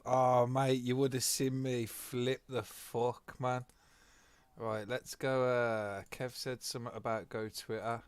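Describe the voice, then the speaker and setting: A man giving live commentary on his sim racing, excitable and sweary, swinging between mutters and loud outbursts. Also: medium pitch, dry recording.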